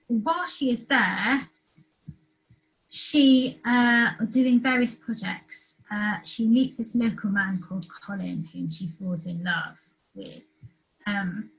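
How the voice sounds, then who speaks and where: A woman's voice: fairly high pitch, fairly bright tone, rough recording. A woman giving an academic lecture, hesitant and full of ums and uhs. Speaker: guest lecturer.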